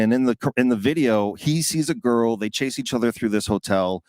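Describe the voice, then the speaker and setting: A man from Minnesota, a guest, telling a casual story with lively pacing. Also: medium pitch, normal speed, hardly any pauses, no room sound.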